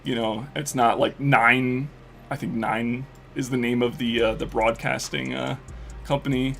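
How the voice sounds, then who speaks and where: A man streaming live and chatting casually while he plays a game, rambling excitedly with lots of swearing and fillers. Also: mid-range voice, measured pace, gravelly, a little hiss or hum.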